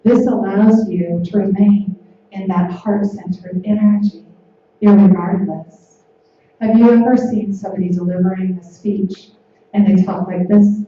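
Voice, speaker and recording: A woman giving a gentle, repetitive spiritual talk from a conference stage. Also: mid-range voice, fairly even intonation, a little slow, a little hiss or hum. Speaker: conference speaker. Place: large hall on stage. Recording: echoey hall from far off, dull lo-fi.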